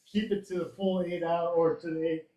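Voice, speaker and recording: Higher-voiced man chiming in, roomy echo. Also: flat delivery, fairly quick, mellow, muffled recording. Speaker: podcast co-host. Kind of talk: casual podcast chat.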